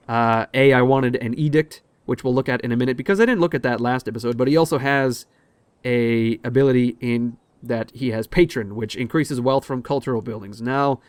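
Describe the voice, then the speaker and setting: A man's voice: mid-range voice, clear, resonant tone, no echo. Chatty, swearing game commentator, man. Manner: chatty, digressive, swears casually. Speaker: let's play host. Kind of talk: casual gameplay commentary.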